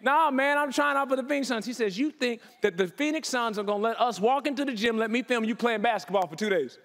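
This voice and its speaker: Man with a really high voice telling a big story on stage, playing all the parts, super casual slang. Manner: animated, acts out dialogue with quick voice changes. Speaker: keynote speaker. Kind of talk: storytelling keynote talk.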